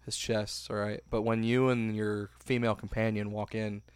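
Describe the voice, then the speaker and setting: Smooth-voiced man telling a rambling story. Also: on the low side, flat delivery, normal speed, no room sound. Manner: rambling storyteller, trails off with "or whatever". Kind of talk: casual chat.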